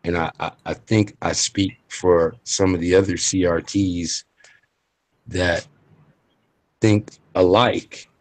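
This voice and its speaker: A man's voice: deep voice, steady tone, takes it slowly, long pauses. A man calling into a stream, talking in a laid-back, playful, rambling way. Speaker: guest caller. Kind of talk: casual chat on a call. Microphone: home mic, too close at first.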